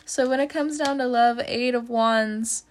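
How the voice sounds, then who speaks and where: A woman with a slightly high voice talks through a casual tarot reading. She is chatty and loose, leans on "you know" fillers, laughs often and swears casually. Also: steady tone, a little slow, slight background noise. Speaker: tarot reader.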